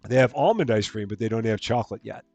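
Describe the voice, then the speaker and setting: Lively chatty man streaming. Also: lowish voice, fast talker, no room sound, highs cut off, soft background music. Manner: chatty, reads out jokes and greets chat viewers. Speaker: live stream host. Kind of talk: casual gameplay commentary.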